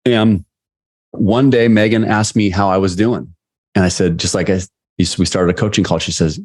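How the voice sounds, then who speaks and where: A man's voice: on the low side, moderate pace, a little mellow. A middle-aged man, a sales leadership coach, telling candid stories in an interview with many restarts. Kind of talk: storytelling interview answers.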